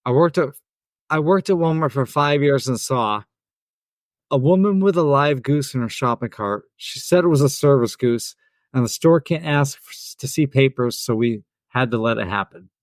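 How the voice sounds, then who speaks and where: A male podcast co-host with a mid-range, animated voice reads customer stories aloud and cracks crude jokes at a normal pace. The talk is casual chat mixed with impressions, recorded in a clean studio with no room sound.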